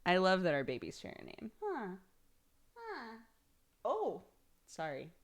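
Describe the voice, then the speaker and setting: A woman's voice: mid-range voice, huge pitch swings, measured pace. A woman live streamer chatting casually, laughing often and reading out thank-yous to her subscribers.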